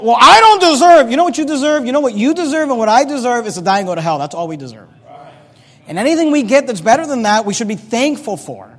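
A male pastor with a strikingly high voice preaches a sermon, walking through the text in a chatty manner and breaking off for humorous asides. His words ring out with a long reverb from the church around him.

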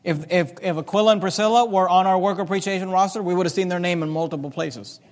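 A man's voice: high-pitched, fast. A man preaching a sermon as pastor, reading scripture aloud with rising emphasis. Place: church sanctuary. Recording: reverberant church hall.

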